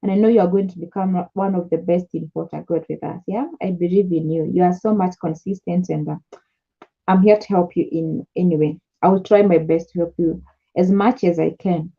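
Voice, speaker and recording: A woman's voice: on the low side, fairly even intonation, fairly quick, dull audio. A young Kenyan woman who coaches beginners in importing, chatting casually to the camera, repeating key points and slipping between English and Swahili. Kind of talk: casual advice talk to camera.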